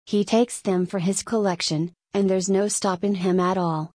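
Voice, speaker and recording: A woman's voice: medium pitch, steady tone, moderate pace, darkish tone, no room sound, studio quality, lightly acted. A woman voicing a shy, eager young Irish serving boy who keeps calling his master "sor". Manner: humble, says "sor" often.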